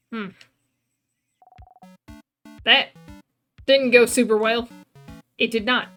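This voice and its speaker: A woman's voice: on the high side, steady tone, very slow, long pauses, a bit bright, faint music behind. A woman streamer reading and narrating a game, with casual, chatty commentary and laughing asides.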